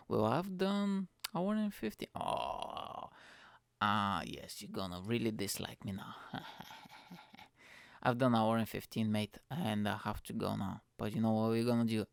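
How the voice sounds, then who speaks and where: Gravelly, swearing podcast host rambling. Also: male voice, on the low side, expressive, normal speed, dry recording. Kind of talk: solo podcast rant.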